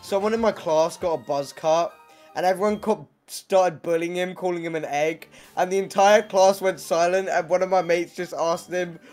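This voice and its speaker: British man, blunt, teasing, higher voice, faint music. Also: fairly even intonation, moderate pace, darkish tone. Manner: blunt, teasing, swears freely. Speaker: friend on voice chat. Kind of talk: casual chat.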